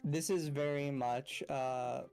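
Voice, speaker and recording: A man co-hosting a podcast in casual chat. He gives measured, reasoned opinions. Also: medium pitch, steady tone, darkish tone, faint music behind. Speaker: podcast co-host.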